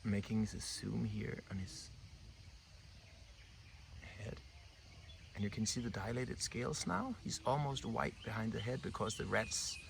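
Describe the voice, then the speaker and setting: A man giving unscripted, hushed commentary as he films wildlife outdoors on a morning walk, talking to himself with restarts. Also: on the low side, a little slow, gravelly, long pauses. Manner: hushed, wondering, thinking aloud with restarts. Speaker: breathing coach filming wildlife. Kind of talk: unscripted nature commentary while filming. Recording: outdoor insect and bird noise. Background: insects and birds.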